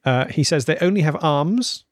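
A man's voice: fairly high pitch, animated, moderate pace, dry recording. A man from England co-hosting a comedy podcast, reading listener emails aloud with dry amusement. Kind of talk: casual chat.

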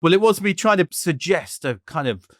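A man's voice: high-pitched, animated, normal speed, a bit bright, dry recording, studio quality. A man with a South London accent co-hosting a podcast, wry and self-mocking in casual chat. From England. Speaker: podcast co-host.

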